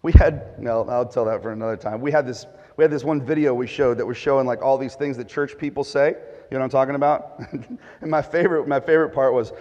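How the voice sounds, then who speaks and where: A male pastor preaching a sermon, telling stories with lively sound effects and asides. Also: medium pitch, quick pace, muffled recording. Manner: animated storytelling with sound effects. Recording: echoey hall reverb.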